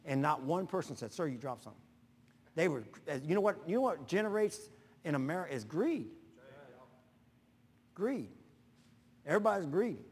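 Folksy preacher man in an echoing church. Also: fairly high pitch. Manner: folksy, retells conversations by acting out both sides. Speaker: pastor. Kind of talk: sermon with storytelling. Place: church sanctuary. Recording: long reverb of a large hall.

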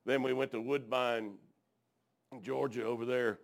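A man preaching a folksy sermon, telling stories and dropping frequent amens, swinging from hushed to shouting. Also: mid-range voice, flat delivery, a little slow, gravelly.

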